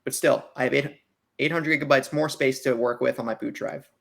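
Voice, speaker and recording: A man's voice: mid-range voice, fairly even intonation, brisk, creaky, a bit bright. A man co-hosting a podcast, chatting casually in a rambling way that often trails off mid-sentence. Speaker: podcast co-host. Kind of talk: casual chat.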